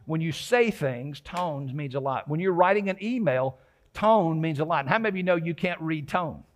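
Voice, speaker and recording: Male pastor with a slightly higher voice, chatty sermon delivery that stops and restarts and dramatizes quotes. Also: expressive, moderate pace. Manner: conversational preaching with frequent restarts and acted-out quotes.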